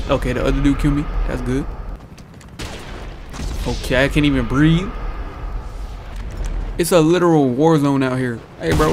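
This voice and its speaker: Young man, gravelly, trash-talking gameplay commentary, gunfire noise behind. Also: a little high. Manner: trash-talking, repetitive taunts to opponents. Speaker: gaming YouTuber. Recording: noisy with gunfire in the background. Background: game gunfire and explosions.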